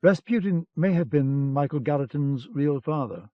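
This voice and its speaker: A man reading an audiobook, voicing a measured, superior young British intelligence captain in a dull old recording. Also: a little high, lively intonation, dry recording, natural voice. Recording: dull cassette-era audiobook sound.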